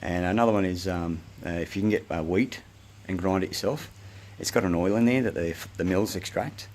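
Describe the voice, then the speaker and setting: A man's voice: deep voice, a little fast, a little mellow. An Australian man delivering a rambling, agitated, swear-laden monologue to the camera. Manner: profane, agitated, rambling ranting. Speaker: self-recorded speaker.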